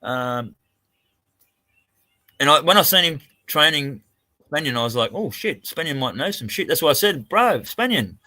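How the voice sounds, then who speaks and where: A man's voice: fairly high pitch, animated, moderate pace, pauses often, pushed and bright, dry recording. An Australian man swearing freely as he tells a rambling story in a casual live-stream chat over a video call. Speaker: co-host.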